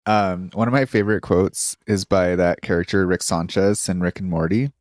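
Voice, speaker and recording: A man's voice: low-pitched, steady tone, normal speed, a little mellow, dry recording, clean studio sound. A man co-hosting a podcast in laid-back casual chat, laughing often. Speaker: podcast co-host.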